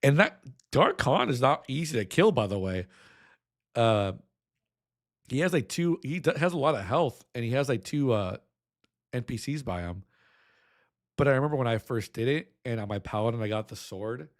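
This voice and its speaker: A man's voice: medium pitch, lively intonation, moderate pace, long pauses. A young adult man streaming, reacting with emotion, choked up and nostalgic, humming a melody now and then.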